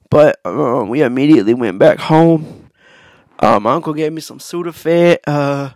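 A man talks loosely into his own podcast, full of slang, fillers and restarts. His voice sits a little high with a gravelly rasp. The recording is dry and close. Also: dry recording. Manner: laid-back, slangy, many fillers and restarts. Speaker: podcast host. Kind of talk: casual storytelling monologue.

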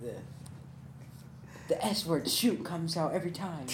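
A man's voice: fairly high pitch, animated, measured pace, crowd noise. A man talking in a casual group discussion, hesitant and repeating words as he goes. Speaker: discussion participant. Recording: roomy with noticeable background hiss.

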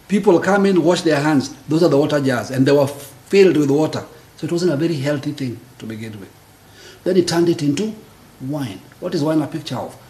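A man co-hosting a church teaching talk, using rhetorical questions in a preaching conversational style. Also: a little high. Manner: animated, rhetorical questions, affirms often. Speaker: co-host of a church teaching show. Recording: roomy echo.

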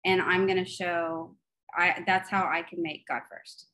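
A woman co-hosting a faith podcast, telling a personal story with lots of laughter and then praying in a soft, earnest voice. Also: fairly low pitch, unhurried, low-quality recording. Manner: animated storytelling, laughs often, turns soft and earnest in prayer. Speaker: podcast co-host. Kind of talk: faith podcast chat and prayer.

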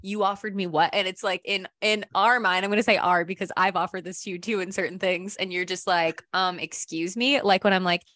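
A woman's voice: lowish voice, steady tone, brisk, hardly any pauses, fairly bright tone, dry recording, clean studio sound. A woman co-hosting a podcast, chatting casually and agreeably and acting out her own reactions. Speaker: podcast co-host. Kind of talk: casual chat.

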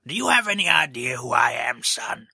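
A man voicing an indignant, entitled rich man who rants and shouts in outrage. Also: medium pitch, very animated, moderate pace, creaky, slightly rough, dry recording, clean studio sound, full character voice. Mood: outraged.

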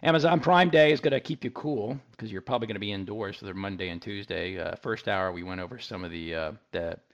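A man's voice: on the low side, quick pace, muffled recording. A man from Texas hosting a radio tech talk show, chatty and joking, with lots of fillers and restarts.

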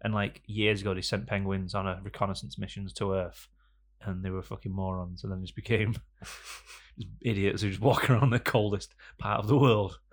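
A young man with a low, gravelly voice chats loosely on a podcast. He rambles through silly stories, stacking up "um"s and restarts as he goes. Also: fairly even intonation, fairly quick. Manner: rambling, jokey storytelling with frequent fillers. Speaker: podcast co-host. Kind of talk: casual banter.

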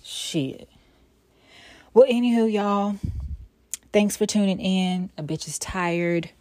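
A woman hosting her own podcast in a casual solo monologue, blunt and profane, swinging from weary sighs to sassy loud outbursts. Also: fairly low pitch, fairly even intonation, slow, no echo. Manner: blunt, profane and emphatic, with sudden loud bursts. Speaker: podcast host.

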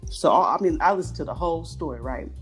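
A woman's voice: low voice, fast talker, soft background music. A woman telling stories in a casual chat, acting out the voices of the people she quotes. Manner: animated, acts out quoted voices.

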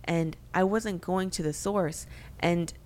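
Young woman, lowish voice, candid faith podcast chat, reflective, lots of fillers. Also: steady tone, slow, a little mellow. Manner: earnest, reflective, many fillers and restarts. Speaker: podcast co-host.

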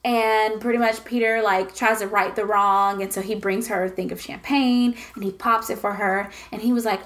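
A woman's voice: mid-range voice, fairly even intonation, normal speed, few pauses, a bit bright. A young woman co-hosting a podcast, telling stories animatedly in casual gossip chat and swearing freely. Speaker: podcast co-host.

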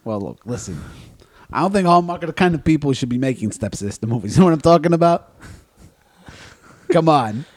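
A man's voice: fairly high pitch, animated, brisk, no echo. A man playing a brash, crude middle-aged male wiseguy who brags and swears as he talks. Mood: swaggering. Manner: swaggering, boastful, profane, keeps saying "you know what I'm talking about". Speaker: podcast co-host playing a guest. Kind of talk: improvised comedy character.

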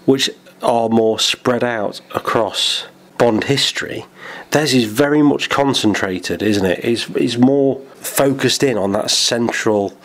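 A man's voice: mid-range voice, slow. A man co-hosting a podcast, chatting casually, musing aloud and laughing often. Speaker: podcast co-host.

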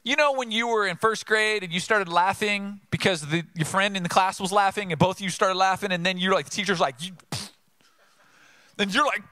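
A man from Southern California preaching an energetic, conversational sermon full of rhetorical questions. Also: high-pitched, brisk, few pauses, no room sound. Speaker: pastor.

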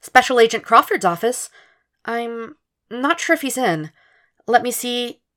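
Brisk, polite female secretary, read by a woman, pitched well up. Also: lively intonation, a bit bright. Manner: polite, phone-answering formality.

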